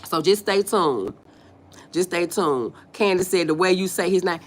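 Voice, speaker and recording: A woman with a lowish voice and a Southern accent speaks at normal speed while hosting a casual stream. Animated and folksy, she reads out viewers' comments, answers them playfully, and laughs often.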